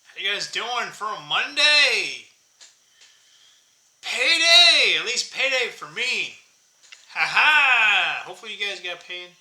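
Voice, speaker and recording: A man's voice: high-pitched, animated, a little slow, pushed and bright, roomy sound. A man in his early fifties talking casually to his viewers, rambling and joking at himself. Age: 50s. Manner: rambling, jokey, self-mocking, laughs often. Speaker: channel host. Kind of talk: casual vlog chat.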